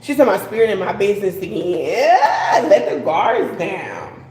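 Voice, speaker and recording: A woman's voice: mid-range voice, sing-song, normal speed, darkish tone, roomy sound, soft background music, low-quality recording. Chatty woman doing a live tarot reading. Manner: chatty, laughing, swearing, slangy asides. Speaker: tarot reader.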